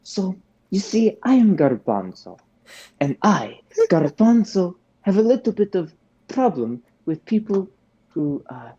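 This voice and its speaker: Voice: medium pitch, very animated, unhurried, mellow, husky, dull audio, pitched above the performer's own voice. Garbanzo, a hammy menacing bean-wielding adventurer, as a player puts him on. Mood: mock menacing.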